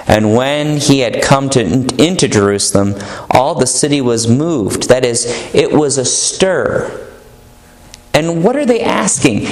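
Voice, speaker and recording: Slow earnest male preacher, echoey room. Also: mid-range voice, lively intonation. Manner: earnest, emphatic, slows down on key words. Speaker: pastor. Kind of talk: sermon.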